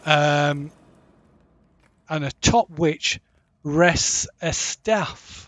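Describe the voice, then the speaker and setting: A man running a tabletop game as game master, narrating slowly with many pauses and fillers over a voice call. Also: fairly high pitch, a bit bright, no echo.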